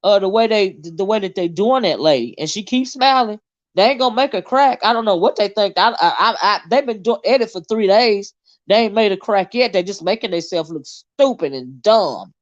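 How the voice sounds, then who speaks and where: A woman's voice: medium pitch, animated, moderate pace, no room sound, highs cut off. A woman hosting a casual livestream and reading her chat, blunt and swearing freely, with a habit of repeating herself.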